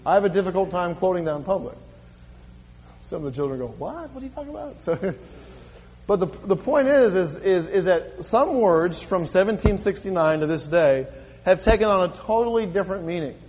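High-voiced preaching man in a reverberant hall. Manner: reads scripture aloud slowly and emphatically, then drops to a quiet conversational tone. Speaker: pastor. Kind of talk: sermon. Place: church.

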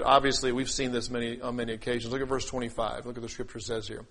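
A man preaching a sermon, acting out quoted voices and scripture, swinging between loud declaiming and quiet asides. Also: mid-range voice, steady tone, very fast, hardly any pauses. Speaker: pastor.

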